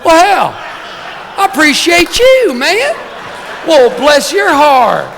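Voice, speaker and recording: A man's voice: very high voice, big pitch swings, slow, creaky, a bit bright, a faint crowd, slight background noise, voice pushed up, exaggerated voice. A man mimicking a hearty, folksy small-town man with an exaggerated, hollering drawl. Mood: effusive. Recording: long banquet-hall reverb.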